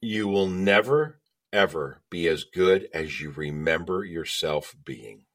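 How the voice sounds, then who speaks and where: A man's voice: low voice, lively intonation, slow, fairly bright tone. A middle-aged man, a podcast guest, telling stories emphatically in casual chat and checking in with "okay?".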